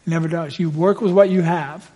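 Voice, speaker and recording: Middle-aged guy preaching in church, highish voice, tells stories then gets loud. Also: fairly even intonation, fairly quick. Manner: storytelling preacher, swells loud at climaxes. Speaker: pastor. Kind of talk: sermon.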